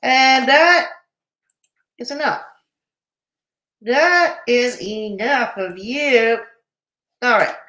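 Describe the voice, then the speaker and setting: A woman's voice: a little high, extremely slow, long pauses, sharp tone, echoey room. A woman hosting a casual reaction chat, blunt and dismissive, with the hiccups. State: has the hiccups. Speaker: commentary channel host.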